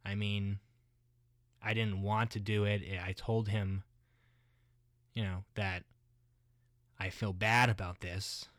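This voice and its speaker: A man's voice: lowish voice, level tone, takes it slowly, pauses often, a bit bright, no room sound, studio quality. A man voicing a queen mother who talks in a breezy, offhand way, making light excuses. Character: queen mother, casually unbothered, chatty.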